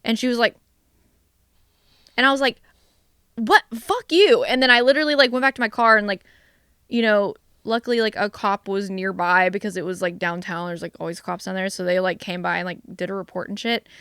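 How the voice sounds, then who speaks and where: A young woman co-hosting a casual podcast, telling animated, swear-filled stories full of "like"s. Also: mid-range voice, fast talker, clear, resonant tone, dry recording, studio quality. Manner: animated, profane storytelling with many "like"s. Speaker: vlogcast co-host. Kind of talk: casual chat.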